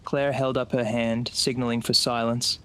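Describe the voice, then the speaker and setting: A man narrating a scripted horror story in a slow, suspenseful way. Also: mid-range voice, flat delivery, bright, forceful tone, clear, resonant tone.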